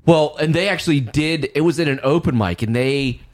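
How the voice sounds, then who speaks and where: A man's voice: on the high side, fairly quick. A man co-hosting a podcast in casual chat, trading dry, sarcastic quips. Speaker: podcast co-host.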